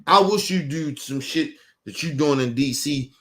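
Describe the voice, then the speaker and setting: Man from Baltimore, show host, raised-pitch voice, blunt profane rant straight to camera, insistent and repetitive. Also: measured pace. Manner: emphatic, blunt, cursing, repeats himself; addresses viewers directly, urging them.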